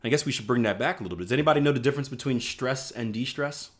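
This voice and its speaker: A man's voice: mid-range voice, racing. Man, from the northeast US, trading instructor, live online lesson, conversational, acts out panicked traders.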